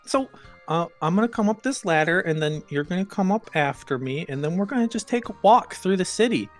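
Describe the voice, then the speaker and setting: A woman's voice: on the low side, lively intonation, brisk, faint music behind. A woman playing in a tabletop role-playing game, speaking in a mocking, teasing way. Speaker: player.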